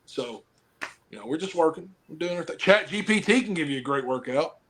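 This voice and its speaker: A man's voice: a little high, lively intonation, a little fast, a bit bright, a little hiss or hum. A man who wrestles professionally and coaches football, chatting casually on a podcast, rambling and joking while he hands out blunt advice.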